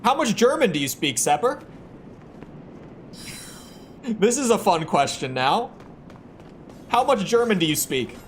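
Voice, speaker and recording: A man's voice: sits high, sing-song, measured pace, long pauses. Rambling young American man streaming. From United States. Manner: rambling, repeats words when starting sentences. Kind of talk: casual chat with stream chat. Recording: clear background noise.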